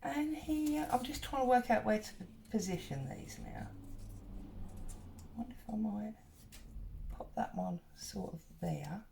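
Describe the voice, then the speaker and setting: A woman's voice: mid-range voice, a little slow, gravelly, pauses often, warm tone, a little hiss or hum. A middle-aged woman, chatting and telling a rambling story while she does paper crafts at home. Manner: chatty, rambling, wanders off and back to her story. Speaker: craft vlogger.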